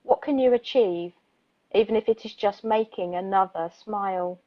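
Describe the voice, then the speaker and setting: Female radio co-host, medium pitch, calm poetry reader, dull lo-fi broadcast sound. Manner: slow, soothing reading voice, laughs easily in chat. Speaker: radio co-host reading listeners' poems. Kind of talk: gentle poetry reading and casual chat.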